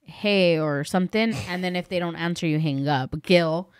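A woman's voice: on the low side, normal speed, clear, resonant tone, no room sound. Rambling podcast woman, dry close sound. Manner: rambling storytelling with many fillers, acting out quoted voices. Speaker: podcast co-host. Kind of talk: casual podcast chat.

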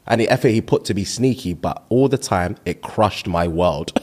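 Lively-pitched man chatting. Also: normal speed. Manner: reads comments aloud, laughs often. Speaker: podcast co-host. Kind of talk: casual podcast chat.

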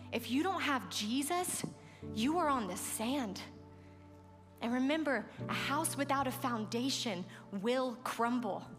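Earnest woman preaching in a big hall. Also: high voice. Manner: earnest, emphatic, repeats phrases for effect. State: tearful, moved. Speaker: speaker. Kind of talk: sermon. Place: large event hall. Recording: long hall reverb.

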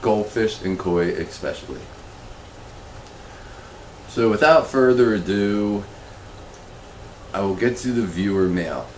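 A man hosting a comedic fish show, talking in an awkward, rambling, deadpan way. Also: echoey room, a little hiss or hum, poor audio. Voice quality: slow, awkward, rambling delivery that becomes emotional and high-pitched. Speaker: comedy web show host.

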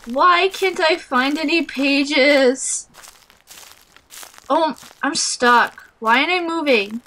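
A young woman narrates a horror game to herself in a high, bright voice, drawing her words out very slowly. She is nervous and jumpy, and she shrieks whenever something startles her. She comments as a let's play gamer. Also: a little hiss or hum, low-quality recording. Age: young adult.

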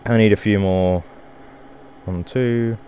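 Jokey man with a deep voice. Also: fairly even intonation, slow, highs cut off, a little hiss or hum. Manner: rambling, jokey, swears and exclaims. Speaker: Minecraft let's player. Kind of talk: casual gameplay commentary.

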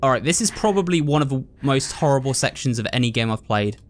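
A man's voice: mid-range voice, animated, quick pace, a little hiss or hum. A man commentating on a horror game, frightened and jumpy, talking to his viewers. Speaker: gamer.

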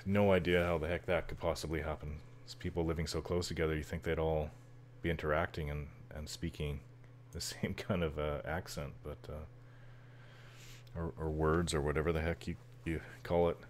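Man, extremely low voice, casual gameplay chatter, rambling, chuckling, faint background noise. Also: flat delivery, normal speed. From Canada. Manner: rambling, chuckles often, many fillers. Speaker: gameplay commentator. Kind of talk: casual let's-play chatter.

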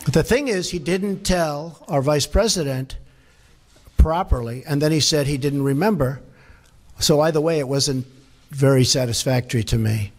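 A man's voice: a little high, moderate pace. A man fielding press questions at a podium in a large formal hall, blunt, emphatic and repetitive, speaking off the cuff. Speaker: president at a press conference. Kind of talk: off-the-cuff press conference answers.

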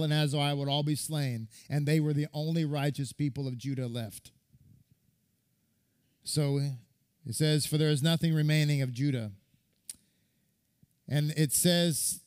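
A man, a rabbi, giving a sermon that retells a midrash, reading and quoting scripture and repeating words for stress. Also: a little high.

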